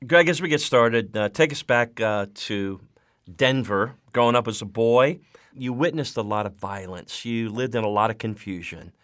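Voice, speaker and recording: A man hosting a radio interview, asking measured, prompting questions. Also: medium pitch, fairly bright tone, dry recording, clean studio sound. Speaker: radio host.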